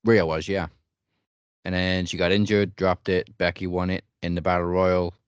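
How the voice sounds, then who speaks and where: A man co-hosting a wrestling podcast, calmly breaking down the matches in a measured, analytical way. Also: sits low, clean tone, no echo, highs cut off. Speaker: podcast co-host. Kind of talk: casual chat.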